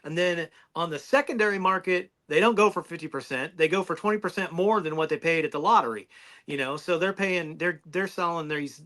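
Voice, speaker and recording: A man's voice: a little high, sharp tone. A man who reviews knives, a guest on a podcast, chatting casually and often restarting his sentences. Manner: rambling, restarts mid-sentence.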